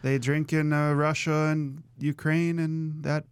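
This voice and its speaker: A man co-hosting a casual podcast chat, jokey and quick to laugh. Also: on the high side, flat delivery, clear, resonant tone, no echo. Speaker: podcast co-host.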